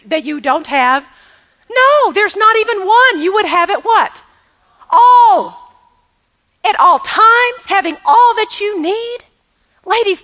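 Her voice is extremely high, bright, and forceful as she preaches to women, driving points home emphatically and getting the audience to repeat phrases after her. This women's ministry speaker leans heavily on repetition and laughs occasionally while she preaches.

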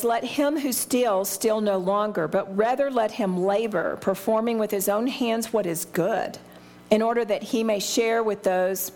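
A woman's voice: mid-range voice, darkish tone. A middle-aged woman teaching a Bible study in a candid, conversational way, often laughing at herself.

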